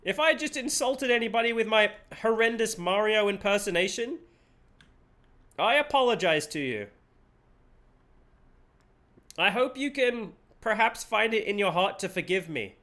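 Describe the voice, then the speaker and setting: High, lively playful male streamer. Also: moderate pace. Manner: playful, laughing, swears casually. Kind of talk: live game-stream chatter.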